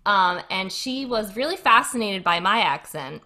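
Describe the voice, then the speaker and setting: A woman's voice: medium pitch, expressive, moderate pace, sharp tone. A woman with a Cranston, Rhode Island accent co-hosting a podcast, chatting casually and laughing often. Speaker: podcast co-host. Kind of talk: casual chat.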